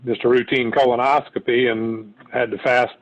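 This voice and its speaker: This man, a guest telling the story of his weight loss, rambles casually with frequent restarts and fillers. His medium-pitched voice barely moves in pitch, comes at normal speed, and sounds tinny, as if on a phone.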